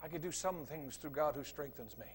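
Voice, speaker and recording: High-voiced, fiery preacher man. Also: fairly quick, slight background noise. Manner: emphatic, swings from quiet asides to loud preaching. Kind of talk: revival sermon.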